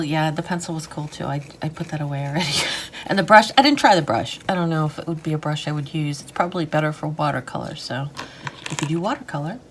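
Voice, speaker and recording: A woman with a lowish voice talks casually as she draws and colors, rambling and unsure of herself, trailing off with fillers. A faint hiss sits under her voice. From United States. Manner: rambling, self-deprecating, hesitant with fillers; talks while drawing and coloring. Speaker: art vlogger. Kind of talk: casual chat while drawing.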